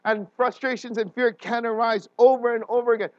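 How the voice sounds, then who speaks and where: A man preaching a sermon as a pastor, animated and often checking in with his listeners, with frequent restarts and fillers. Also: very high-pitched, fairly quick, no echo, dull audio.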